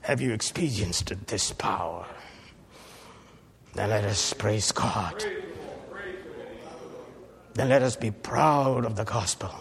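A man preaching a sermon as pastor, swinging between hushed lines and shouted climaxes. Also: fairly low pitch, slow, long pauses.

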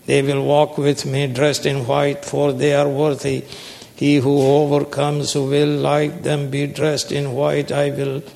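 A man preaching a sermon, slow and emphatic, prompting his listeners with call-and-response questions. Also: medium pitch, vocal fry, a little mellow. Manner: call-and-response, prompting the audience with "what, sir?"; slow, emphatic, stretches key words. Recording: long hall reverb.

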